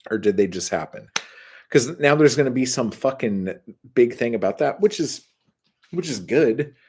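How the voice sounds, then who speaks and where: A man's voice: medium pitch, lively intonation, moderate pace, darkish tone, husky. A man casually telling rambling, profanity-laced stories and answering his live chat, full of filler words.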